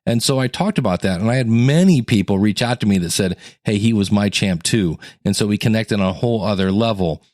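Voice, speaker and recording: Male podcast host and coach, casual teaching monologue, lowish voice, dry studio sound, animated acted-out quotes. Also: fast talker, few pauses, dry recording. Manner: conversational, acts out quotes with sudden jumps in pitch.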